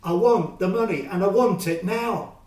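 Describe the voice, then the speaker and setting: A man's voice: sits high, moderate pace, a little mellow, pitched above the performer's own voice, lightly acted. A man voicing a worried debtor who pleads, then turns bossy, heard in a roomy space from a distance. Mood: demanding. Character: worried man deep in debt.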